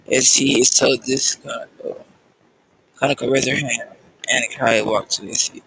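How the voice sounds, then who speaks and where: Gravelly man reading a story. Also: medium pitch, steady tone, pushed and bright, a little hiss or hum, low-quality recording. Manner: halting, with fillers and restarts. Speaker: story reader. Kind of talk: casual fan-fiction reading.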